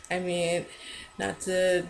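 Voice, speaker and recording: A woman with a slightly lower-pitched voice talks in a relaxed, chatty way as a podcast co-host. She keeps the recap casual and is quick to agree. The recording has a faint hum underneath. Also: creaky, poor audio.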